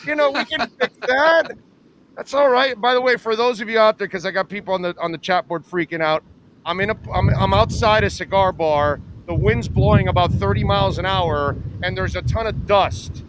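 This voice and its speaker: A man hosting a sports radio show, making a playful, joking recruiting pitch over a remote call while outdoors in the wind. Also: brisk. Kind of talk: casual sports talk. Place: outdoors by a cigar bar in strong wind. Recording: faint wind and traffic noise.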